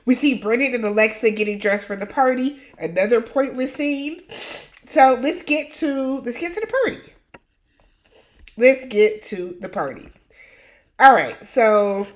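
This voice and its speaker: Woman host, higher-pitched, casual reality-show recap, opinionated and blunt with slang. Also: a bit bright.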